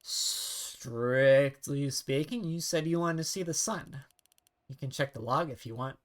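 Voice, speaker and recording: A woman's voice: extremely low pitch, unhurried. A woman voicing a sugary, smug AI assistant. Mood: chirpy. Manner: sweetly passive-aggressive. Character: saccharine condescending female AI assistant. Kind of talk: game dialogue read-along.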